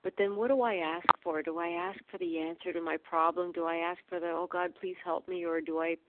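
A woman's voice: lowish voice, steady tone, brisk, very noisy. A woman from Canada sharing in a recovery meeting, earnest and reflective. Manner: earnest, reflective, quotes her own old prayers. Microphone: phone call. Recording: tinny phone line.

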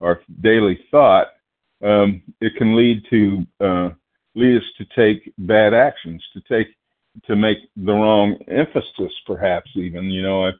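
Nervous, halting low-voiced man on a phone line. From Oklahoma. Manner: halting, many fillers and restarts, clears throat. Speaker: guest speaker. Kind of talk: phone-line recovery meeting talk.

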